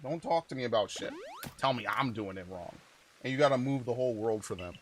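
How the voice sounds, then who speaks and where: A man's voice: medium pitch, animated, a little fast, a little hiss or hum. A man in his forties from New York, a gaming channel host giving a blunt, profane, restart-filled rant during casual gameplay. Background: game music.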